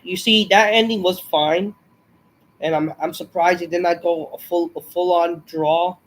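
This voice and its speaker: A man's voice: high voice, fairly even intonation, measured pace, a bit bright. A man reviewing a wrestling show in a rambling, frustrated rant, swearing often and sighing, unwell and short of breath. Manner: profane, frustrated, rambling with sighs.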